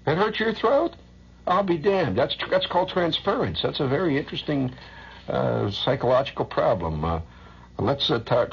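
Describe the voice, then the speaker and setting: A man's voice: on the low side, gravelly, husky, muffled recording. A man hosting a radio show, rambling through a loose monologue, chuckling often and humming nonsense syllables. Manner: rambling, chuckling, hums sing-song nonsense. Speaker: radio host.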